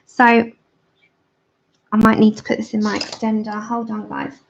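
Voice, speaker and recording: Chatty English woman, gravelly, lo-fi stream. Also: on the high side, completely flat delivery, measured pace, background noise. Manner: chatty, explains as she works. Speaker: livestream host. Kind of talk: casual chat while colouring. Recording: dull lo-fi livestream audio.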